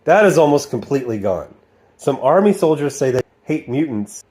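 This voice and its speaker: A man's voice: mid-range voice, big pitch swings, moderate pace, darkish tone. Sarcastic man reviewing an old cartoon. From Midwestern United States. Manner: sarcastic, slips into exaggerated cartoon voices when quoting. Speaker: video reviewer. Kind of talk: casual video commentary.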